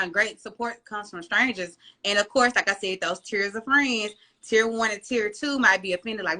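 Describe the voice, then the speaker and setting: A woman guest on a podcast, telling animated stories in a casual, slangy way. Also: medium pitch, brisk. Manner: animated storytelling, slangy and playful. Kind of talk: casual chat.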